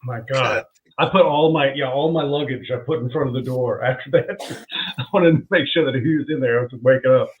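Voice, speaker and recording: A male comedian trading road stories in a loose, casual chat. He acts out the people in his anecdotes with lively shifts of voice. His audio comes through thin and phone-like. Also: mid-range voice, a little fast. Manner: animated, acts out quoted voices. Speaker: comedian guest. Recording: tinny phone-like call audio.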